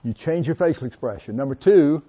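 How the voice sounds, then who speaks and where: Animated middle-aged man lecturing a class. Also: fairly high pitch, fairly quick. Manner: animated, addresses students directly as guys. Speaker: college lecturer.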